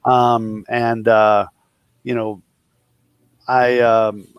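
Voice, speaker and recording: A Boston-area man in his fifties with a Boston accent, an entrepreneur, is a guest in a casual interview, telling joking anecdotes and voicing the people in them. His mid-range voice is level, smooth, and very slow. There's no room sound and the highs are cut off.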